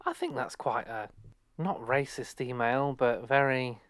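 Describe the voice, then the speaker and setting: A man's voice: mid-range voice, a little slow, fairly bright tone, no echo. A young man in his twenties from England, co-hosting a podcast in casual, rambling chat full of fillers. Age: 20s. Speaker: podcast co-host.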